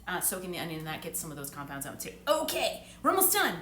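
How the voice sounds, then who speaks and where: A woman's voice: on the low side, huge pitch swings, fast, reverberant, noisy background. A woman in her thirties chatting playfully while making a dish in her home kitchen as a cooking vlogger, with self-teasing asides. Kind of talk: casual cooking demo chat.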